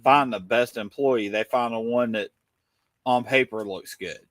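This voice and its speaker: A man co-hosting a casual podcast, blunt and quick to swear. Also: mid-range voice, fairly bright tone, no echo, distant mic. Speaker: podcast co-host. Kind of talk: casual chat. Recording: dry sound from away from the mic.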